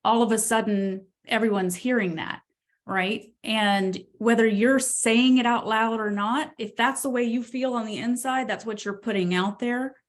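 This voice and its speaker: A woman's voice: fairly high pitch, steady tone, normal speed. A woman coach on a group call who talks bluntly and with energy, laughing often. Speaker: real estate coach.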